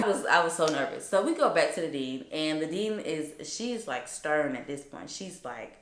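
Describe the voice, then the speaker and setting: In a casual storytime vlog with roomy echo, a young woman recounts a personal story in a chatty, emphatic way full of fillers. Her low-pitched, expressive voice moves at normal speed with hardly any pauses.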